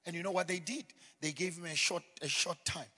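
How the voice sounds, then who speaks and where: A man giving a preaching testimony in a church hall, telling his story dramatically and swinging from quiet asides to shouted peaks. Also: high voice, fairly even intonation, fairly quick. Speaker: guest speaker giving a testimony. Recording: long hall reverb.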